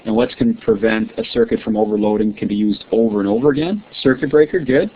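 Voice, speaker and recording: A man's voice: on the low side, lively intonation, fast. Friendly male teacher on a tinny line. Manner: friendly, quizzing students, checking with "right?". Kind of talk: online science lesson. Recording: tinny lo-fi line with faint hiss.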